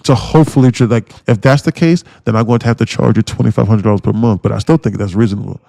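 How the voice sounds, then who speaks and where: A man's voice: on the low side, quick pace, gravelly, mellow, dry recording, studio quality. A man livestreaming his day trading, ranting bluntly with lots of swearing and mocking his viewers. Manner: blunt, swearing, mocks viewers in put-on voices. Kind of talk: profane ranting livestream talk.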